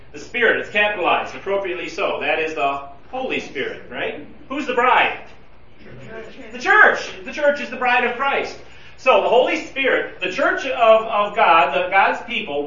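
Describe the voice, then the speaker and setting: A man teaching a Bible study as a pastor, talking through scripture verse by verse and acting out quoted pleas with animated urgency. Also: sits high. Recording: distant, roomy, slightly dull recording.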